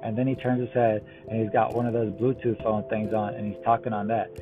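A man reading a run of one-liner jokes in a deadpan way. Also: on the low side, fairly quick. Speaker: joke teller. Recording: tinny phone-like line with music behind. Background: music.

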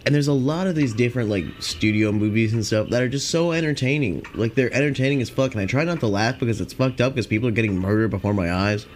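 A man's voice: medium pitch, fast talker, hardly any pauses, a little hiss or hum. Rambling, profane young man. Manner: rambling, filler-heavy, profane. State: high on cannabis. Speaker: podcast host. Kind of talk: rambling casual monologue.

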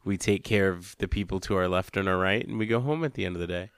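Deep, smooth-voiced man podcast host. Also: fast, dry recording. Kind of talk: casual chat.

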